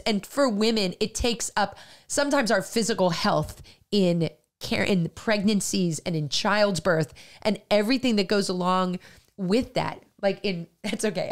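A middle-aged woman co-hosting a faith podcast, talking in a halting, earnest way with many fillers, at times near tears. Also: medium pitch. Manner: halting, filler-heavy, growing emotional and earnest. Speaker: podcast co-host. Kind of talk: faith-based casual podcast talk.

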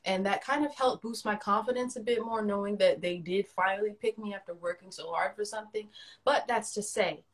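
A young woman co-hosting a casual phone livestream, telling a personal story in an animated way with big swings in loudness. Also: mid-range voice, a little fast. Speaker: livestream co-host.

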